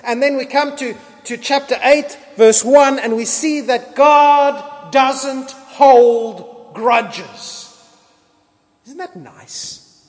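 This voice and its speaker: A man preaching a sermon as pastor, lively and conversational, acting out scripture scenes in casual voices. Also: very high voice. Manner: lively, acts out biblical dialogue in casual voices. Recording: long reverb of a large hall.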